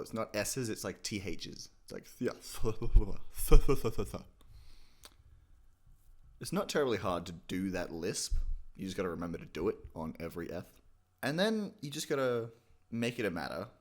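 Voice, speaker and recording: A man hosting a casual comedic impressions tutorial, rambling, self-mocking and swearing freely. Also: lowish voice. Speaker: channel host teaching impressions.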